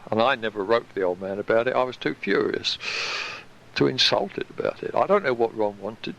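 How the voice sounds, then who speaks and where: A man recounting his past in a recorded reminiscence, animated and casually swearing. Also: medium pitch, brisk, creaky, lo-fi sound, a little hiss or hum.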